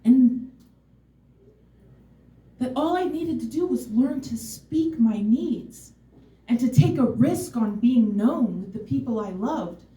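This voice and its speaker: Woman storyteller on stage, candid and wry, mellow voice, roomy hall, mic far off. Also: a little high, animated, takes it slowly, pauses often. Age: adult, mother of a son. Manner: candid, wry, emotionally open. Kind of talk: personal story told on stage.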